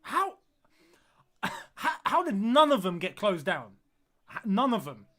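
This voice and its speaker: A man's voice: high-pitched, sing-song, takes it slowly, a bit bright. A man streaming a football watch-along, reacting live to the match and repeating phrases as he groans and exclaims at the play.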